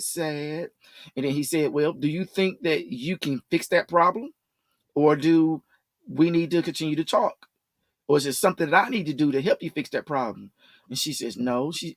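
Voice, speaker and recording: A man co-hosting a casual talk show, his voice sitting fairly high for a man. The sound is dry and close with almost no room around it. He retells stories at length and acts out the lines people said. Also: dry recording. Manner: retells stories at length, acting out quoted dialogue. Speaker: co-host. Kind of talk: casual podcast chat.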